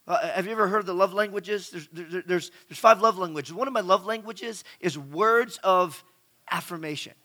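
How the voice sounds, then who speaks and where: His high voice sounds pushed and bright, moving at normal speed. The middle-aged man preaches conversationally, quizzing the audience and frequently repeating words.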